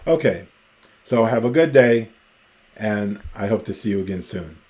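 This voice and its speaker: A man's voice: lowish voice, animated, moderate pace, a little mellow. A man teaching ancient Greek in a recorded online lesson. He thinks aloud as he goes, with fillers and small self-corrections.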